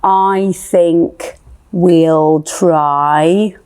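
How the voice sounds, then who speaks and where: A woman's voice: mid-range voice, big pitch swings, slow, a little mellow. A woman leading a playful music lesson for young children, asking sing-song questions.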